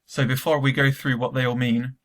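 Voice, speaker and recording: A man's voice: mid-range voice, flat delivery, brisk, fairly bright tone. A man teaching a recorded remote Spanish lesson to school students, explaining step by step with frequent ums.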